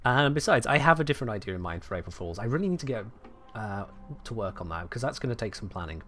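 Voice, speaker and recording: Fast and sing-song despite a fairly low pitch, this man's slightly bright voice carries dry, sardonic remarks to his viewers while he games on a live stream. There's a little hiss or hum in the recording.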